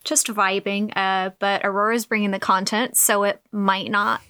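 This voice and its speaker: A woman's voice: mid-range voice, level tone, normal speed, bright, forceful tone, clean tone, no room sound. A woman co-hosting a comedy podcast in an upbeat, chatty way. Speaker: podcast co-host. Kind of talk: casual comedy podcast chat.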